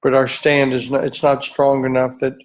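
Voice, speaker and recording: A middle-aged man leading a retreat group, speaking slowly and earnestly in a reflective talk with searching pauses and restarts. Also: mid-range voice, monotone, rough recording. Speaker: retreat leader. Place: outdoor retreat by a beach.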